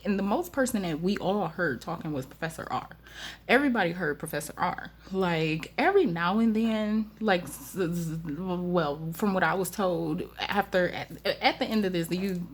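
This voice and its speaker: A woman casually telling a story to her vlog audience, animated and colloquial, repeating phrases and laughing now and then. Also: lowish voice. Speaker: storytime vlogger.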